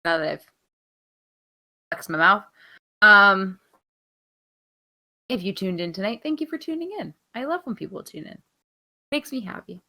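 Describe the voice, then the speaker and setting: A woman's voice: mid-range voice, expressive, a little slow, long pauses, bright, forceful tone. A young woman co-hosting a wrestling podcast, casual, playful and sarcastic, swearing freely. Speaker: podcast co-host. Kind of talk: casual chat.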